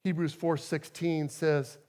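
A middle-aged male guest speaker preaches a sermon in a voice fairly high for a man. He tells stories from the pulpit at a slow pace, his delivery flat, yet he swings emphatically from soft to loud.

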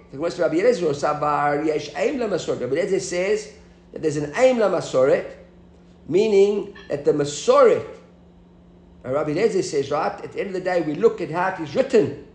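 Male Talmud teacher, high voice, explains the text and quizzes the class, echoey room sound. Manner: explanatory, asks the class questions.

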